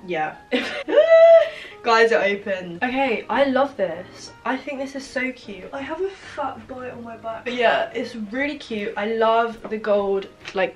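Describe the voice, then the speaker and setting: A woman's voice: mid-range voice, far from the mic, low-quality recording. A young British woman chatting casually through a clothing try-on haul, giggly and playful, breaking into little sung bits. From England. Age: young adult. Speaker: fashion vlogger.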